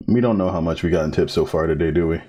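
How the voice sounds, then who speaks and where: In this live gameplay commentary, a man streams a cooking game, calling out ingredients in a steady list while joking with his co-host. His voice sits low and races along, and the audio is dull with a little hiss or hum.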